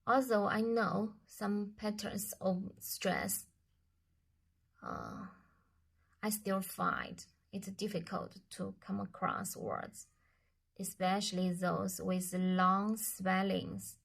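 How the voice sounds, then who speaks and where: A woman with a Chinese accent answers review questions about her course. She speaks unhurriedly and deliberately, at an ordinary middle pitch, and stops often to restart a word or phrase. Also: very animated, vocal fry, breathy edge. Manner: slow and careful, with hesitations and restarts. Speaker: student.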